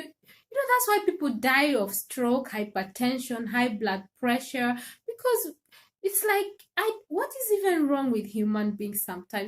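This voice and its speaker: A woman hosting a livestream, chatting casually and animatedly, laughing often and speaking directly to her viewers. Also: fairly high pitch. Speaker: livestream host.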